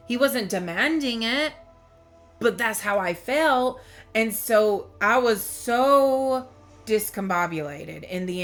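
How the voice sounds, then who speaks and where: A woman reading tarot who talks straight to her viewers, rambling and emotional, often breaking off and starting her sentences over. Her voice sits at an ordinary middle pitch. Soft music plays faintly behind her. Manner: rambling, emotional, with frequent restarts. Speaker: tarot reader. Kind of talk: candid personal storytelling to viewers.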